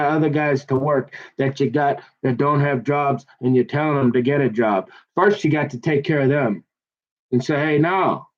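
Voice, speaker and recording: A man talks in a loose, rambling way, stacking slang and restarting sentences as he goes. His voice sits a little high for a man. The recording is dull and lo-fi. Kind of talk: rambling casual monologue. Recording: dull lo-fi sound.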